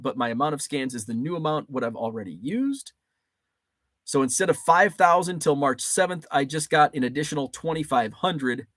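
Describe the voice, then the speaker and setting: A man's voice: fairly high pitch, a bit bright, no echo. Chatty man reading viewer comments. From Illinois. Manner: chatty, rambling, with frequent ums and restarts. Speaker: livestream host. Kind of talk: casual livestream chat, reading viewer comments aloud.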